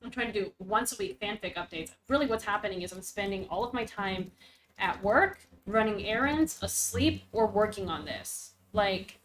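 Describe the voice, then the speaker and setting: A woman hosting a casual stream, reacting to a story with rambling, animated chat and the odd swear. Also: mid-range voice, normal speed, slight background noise, poor audio. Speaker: stream host reacting to a web serial.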